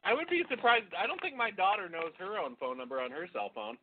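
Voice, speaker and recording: Podcast co-host, middle-aged man, high and animated, joking and profane, calling in on a tinny phone line. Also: fast. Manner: laughs often, loose and profane. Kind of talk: casual chat. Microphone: phone call.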